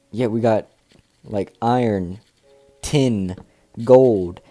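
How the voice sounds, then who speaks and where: A man's voice: on the low side, no echo. A man casually commentating a survival game as he plays, rambling and thinking aloud, reading item descriptions aloud. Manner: reads item text aloud in a flat reading voice. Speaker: gameplay commentator. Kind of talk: casual let's-play commentary.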